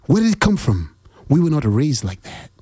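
Husky man giving a preachy monologue. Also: very animated, normal speed, mellow, dry recording, studio quality. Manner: preachy, repeats questions, swings pitch up for emphasis. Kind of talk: heartfelt motivational monologue.

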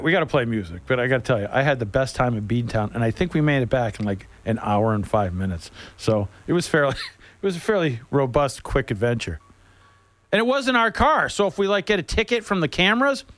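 A man on the radio, telling a rambling funny story in a casual chat style, joking and laughing as he goes. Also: mid-range voice. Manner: animated, laughing, jokey storyteller.

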